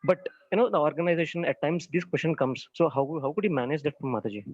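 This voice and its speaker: A man's voice: fairly high pitch, expressive, quick pace, no room sound, highs cut off. A man asking a question on a video call, hesitant and full of fillers. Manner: hesitant, full of "you know" and "uh".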